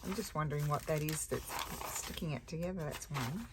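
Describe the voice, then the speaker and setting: A woman's voice: low-pitched, brisk, very noisy. An older woman with an Australian accent, tired, chatting casually and thinking aloud as she works on a craft project. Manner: chatty, easily distracted, thinks aloud while working. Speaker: craft channel host.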